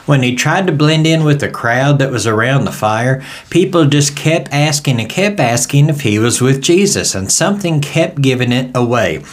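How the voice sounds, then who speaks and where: A man's voice: medium pitch, lively intonation, moderate pace, hardly any pauses. A man with a Southern US accent leading a verse-by-verse Bible study in a folksy, conversational storytelling way.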